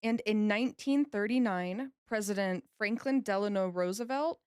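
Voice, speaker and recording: A woman's voice: mid-range voice, normal speed, smooth, no echo, studio quality. A woman co-hosting a podcast, telling history in a chatty, easygoing way and laughing easily. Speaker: podcast co-host. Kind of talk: casual history podcast chat.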